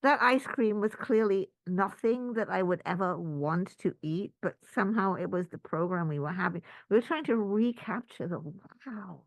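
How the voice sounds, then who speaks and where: Woman spiritual teacher; mid voice, animated, dry close sound; storyteller. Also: medium pitch, moderate pace, few pauses, no echo, rough recording. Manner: storytelling with lively acted-out asides. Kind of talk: spiritual talk to a group.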